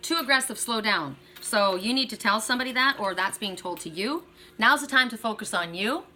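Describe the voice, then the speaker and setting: A middle-aged woman giving an oracle card reading, speaking in a bright, forward voice. She is chatty and encouraging, talking straight to her viewers. A faint hum of room ambience sits behind her. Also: a little high, animated, fairly quick. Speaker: tarot and oracle card reader.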